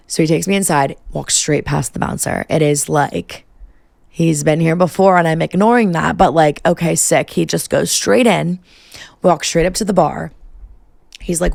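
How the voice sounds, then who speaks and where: A woman's voice: sits low, steady tone, moderate pace, gravelly, darkish tone, dry recording. A young woman podcast host in her twenties telling a personal story casually, peppering every phrase with "like" and swearing freely. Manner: profane, valley-girl filler "like".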